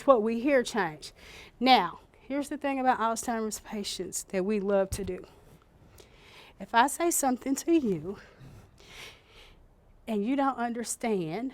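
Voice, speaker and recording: A woman leading an informal care-training workshop, chatty and animated, acting out little scenes with sudden loud bursts. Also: high-pitched.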